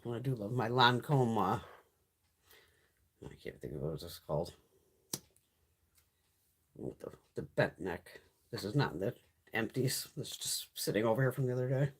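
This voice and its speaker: A woman's voice: a bass voice, expressive, moderate pace, long pauses, background noise. A middle-aged woman hosting a casual beauty live stream, chatty and blunt, swearing freely and laughing often.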